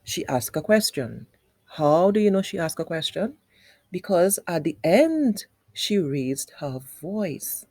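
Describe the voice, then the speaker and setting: A woman teaching young children, with a low, mellow voice that swoops widely up and down. She talks unhurriedly and patiently, repeating each point in a sing-song way, as if speaking straight to the class. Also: very animated, slow pace, no echo. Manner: patient, explains step by step with repetition.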